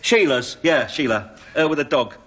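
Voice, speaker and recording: In a noisy old TV sketch, a comic actor plays a cheeky middle-aged burglar bluffing his way as a doctor, chatty and packed with tag questions. His male voice is mid-range, expressive, a bit bright, and moderately paced.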